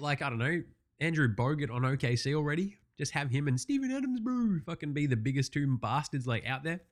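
A man with an Australian accent hosting a casual sports recap, swearing freely, ranting and sarcastic. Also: mid-range voice. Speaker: sports podcast host.

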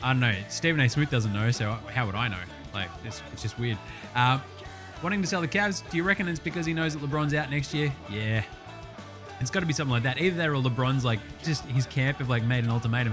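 A man's voice: mid-range voice, expressive, fast, music in the background. A man with an Australian accent hosting a basketball podcast, ranting brashly and swearing constantly in a jokey way. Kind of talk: profane comedic sports rant.

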